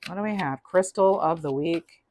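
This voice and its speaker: A woman's voice: on the low side, moderate pace, a little mellow, slight background noise. A woman giving a casual, upbeat tarot reading, chatty with many restarts. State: clearing throat, losing voice. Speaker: tarot reader.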